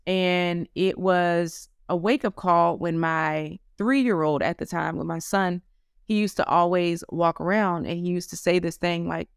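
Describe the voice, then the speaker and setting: A woman in her thirties with a smooth, slightly low voice tells stories in a casual interview. She is lively and acts out the quotes in her stories. The sound is dry and close. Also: measured pace, no room sound. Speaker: business owner guest.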